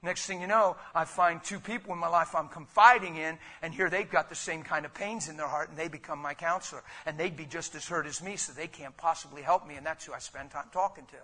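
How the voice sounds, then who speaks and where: Animated preacher man with a bright voice. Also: on the high side, brisk, few pauses. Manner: animated, rhetorical, with sudden loud bursts; conversational, calls listeners "man" and "guys". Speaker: pastor. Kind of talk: sermon.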